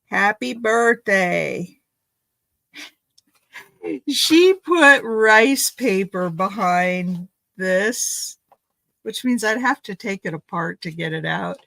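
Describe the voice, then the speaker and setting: A woman's voice: medium pitch, expressive, drawn-out words, gravelly, fairly bright tone, dry recording, poor audio. A woman making a craft video, chatting in a rambling, thinking-aloud way as she opens gifts at home. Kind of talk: casual chatty unboxing.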